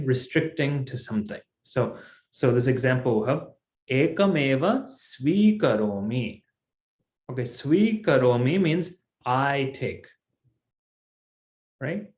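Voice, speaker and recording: A man's voice: mid-range voice, lively intonation, takes it slowly, darkish tone, echoey room. A man teaching a Sanskrit class, explaining patiently step by step. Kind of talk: online language class.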